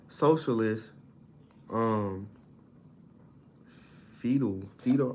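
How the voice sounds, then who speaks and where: A man with a fairly low voice works through a book out loud during an informal study session, tripping on words and stopping to define them in everyday slang. He's self-taught. The recording sounds muffled and lo-fi, with a little background noise.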